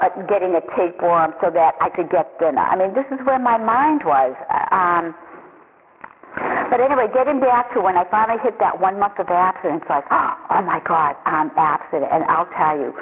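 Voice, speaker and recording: A woman telling her personal recovery story in a halting, confessional way, often repeating her words. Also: medium pitch. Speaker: recovery program member sharing her story. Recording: tinny phone-line sound with long echo.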